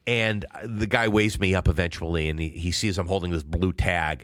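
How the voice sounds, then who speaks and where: A man's voice: low-pitched, fairly even intonation, moderate pace, a bit bright, no echo, studio quality. A middle-aged man co-hosting a podcast, telling a long, rambling anecdote in casual chat. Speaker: podcast co-host.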